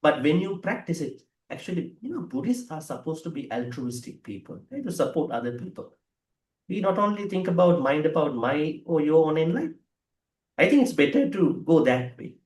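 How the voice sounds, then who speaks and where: A man, a Buddhist monk teaching an online scripture class. He explains slowly with fillers, gives blessings and chants in Pali at a quick pace. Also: a little high, sing-song, darkish tone. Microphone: video call. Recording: echoey room over a video call.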